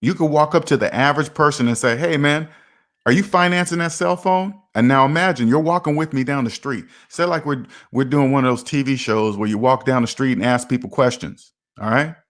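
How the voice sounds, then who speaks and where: Man, middle-aged, finance talk host, casual monologue, repeats himself, emphatic, acts out little dialogues, average pitch. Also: fairly quick, hardly any pauses. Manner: repetitive, emphatic, acts out imagined street conversations. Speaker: personal finance video host.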